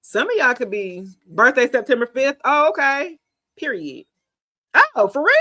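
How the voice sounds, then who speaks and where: A woman, giving a casual live tarot reading in a chatty, animated, slangy way, talking straight to her viewers. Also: high-pitched, normal speed. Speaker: tarot reader.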